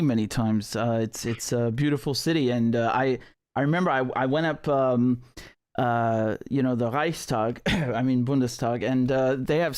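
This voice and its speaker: A man's voice: mid-range voice, no echo, clean studio sound. A man hosting an online interview, talking casually with stumbling restarts. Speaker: host.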